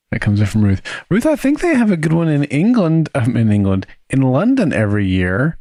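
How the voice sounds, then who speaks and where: A man's voice: medium pitch, brisk, hardly any pauses, no echo. A man hosting a podcast, chatting casually and jokily while recapping and reading listener mail. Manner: jokey, animated recapping. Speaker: podcast host.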